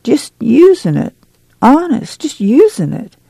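A woman's voice: on the high side, huge pitch swings, slow pace, gravelly, warm tone, husky, dry recording, pitched above the performer's own voice, full character voice. A reader voicing a timid, ashamed poor mother who whines in a rural folksy dialect. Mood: pleading.

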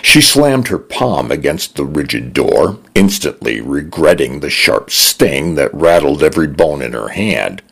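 Deep, gravelly, expressive narrator man. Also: measured pace, hardly any pauses. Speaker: radio story narrator. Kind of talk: scripted narration.

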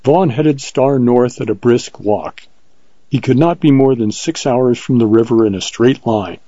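A man narrating an audiobook with steady scripted storytelling. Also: mid-range voice, a little slow, no echo, highs cut off.

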